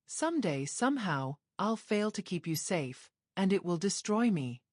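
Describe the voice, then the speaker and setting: A woman narrator voicing a guarded, brooding man who is a crime boss, speaking quietly and intensely. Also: mid-range voice, very animated, moderate pace, dry recording, studio quality. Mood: raw.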